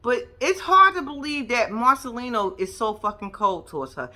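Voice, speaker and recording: A woman's voice: fairly high pitch, normal speed. Blunt, profane woman recapping TV. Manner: blunt, profane, animated storytelling. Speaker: reality TV commentator. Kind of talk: casual recap commentary.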